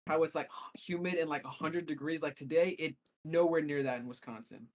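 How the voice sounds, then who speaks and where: Male co-host, a touch high-pitched, meandering storyteller in loose chat. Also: brisk. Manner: rambling storyteller, restarts often. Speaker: podcast co-host. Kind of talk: casual chat.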